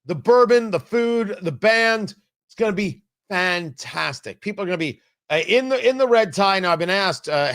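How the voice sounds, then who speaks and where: Animated high-voiced male radio host. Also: normal speed. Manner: animated, emphatic, mocking impressions. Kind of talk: talk radio commentary.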